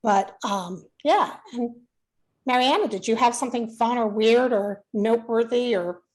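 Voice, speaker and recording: A woman's voice: fairly high pitch, measured pace, darkish tone, low-quality recording. A woman co-hosting a casual chat in a chatty manner, with hesitant fillers. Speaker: co-host.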